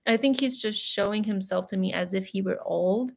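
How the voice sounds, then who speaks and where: A young adult woman, a tarot and psychic reader, gives a live reading in a chatty, emotional way, peppered with fillers and little laughs. Her mid-range voice is creaky and moves at a moderate pace.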